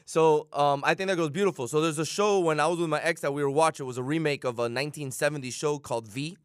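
A man co-hosting a casual chat, talking in an excited, teasing, emphatic way. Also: on the high side, quick pace, clean tone, dry recording, studio quality. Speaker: show co-host.

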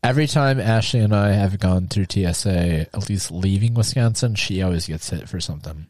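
A man's voice: low-pitched, brisk, darkish tone, no echo, clean studio sound. A man telling casual, profane travel anecdotes in a podcast chat, acting out the people in his stories.

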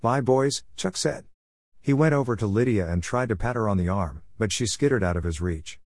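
A man reading a family story aloud in the first person, in a steady, even storytelling manner. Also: fairly low pitch, a little fast, no room sound, studio quality. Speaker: audiobook narrator.

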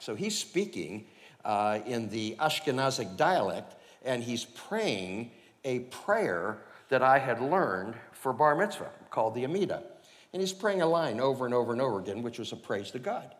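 A man preaching and telling his own conversion story, animated and chuckling, with lots of fillers. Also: mid-range voice, moderate pace, in a large hall. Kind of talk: personal testimony storytelling.

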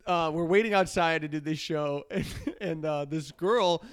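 A young man with a smooth, resonant voice set a little high, heard dry and close on the mic. He tells stand-up stories in relaxed podcast chat and laughs as he talks. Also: normal speed, no room sound. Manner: storytelling, laughs through his lines. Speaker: podcast co-host and stand-up comedian. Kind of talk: casual chat.

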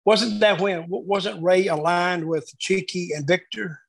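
A man reminiscing casually about his years booking shows, telling lively anecdotes and acting out the quotes. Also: high-pitched, a little slow, gravelly, slightly rough, no echo, low-quality recording. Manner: animated storyteller acting out quotes. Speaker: wrestling booker telling stories.

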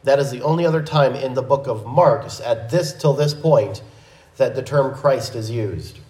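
A man teaching a verse-by-verse Bible lesson in a measured, methodical way, with small restarts. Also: mid-range voice, mellow, roomy sound, rough recording.

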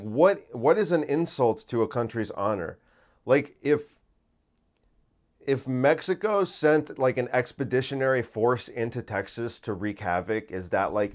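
A man's voice: on the low side, a little mellow. Incredulous rambling man. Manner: rambling, incredulous, full of restarts and rhetorical questions. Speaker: podcast host. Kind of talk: casual podcast talk.

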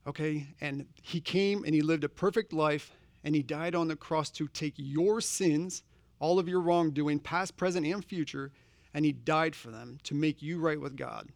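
A man's voice: a little high, normal speed, gravelly, dry recording. A man preaching a sermon, earnest and conversational, posing direct questions to his congregation. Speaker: pastor.

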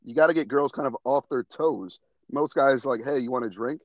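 A young man chatting on a podcast, animated and quick to laugh as he tells a story. His voice sits at a middling pitch, recorded close and dry with a slightly dull, muffled tone. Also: dry recording. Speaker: podcast guest. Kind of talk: casual podcast chat.

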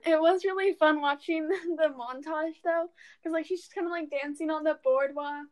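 A woman's voice: sits high, steady tone, normal speed, darkish tone. A young woman co-hosting a podcast in casual chat, giggling and acting out movie lines. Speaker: podcast co-host.

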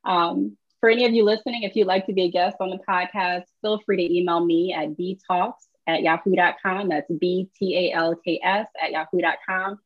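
A woman from Michigan with a Michigan accent, hosting a podcast and telling stories in an animated, laughing way. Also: lowish voice, no echo, dull audio. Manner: animated, quick storytelling with laughs. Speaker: podcast host. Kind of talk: casual interview chat.

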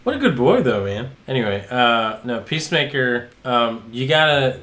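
Animated, laughing man podcast host. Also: medium pitch, moderate pace. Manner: enthusiastic, laughs often, rambling with fillers. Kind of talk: casual chat.

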